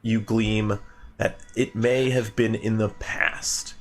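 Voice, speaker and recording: A man narrating as game master of a tabletop game, with many pauses and fillers. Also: lowish voice, little pitch movement.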